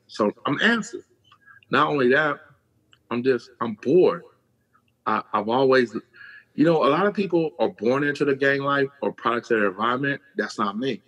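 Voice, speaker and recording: Husky middle-aged man telling street stories. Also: medium pitch, highs cut off. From California. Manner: animated storyteller, acts out quoted voices, swears freely. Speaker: podcast guest. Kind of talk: casual storytelling.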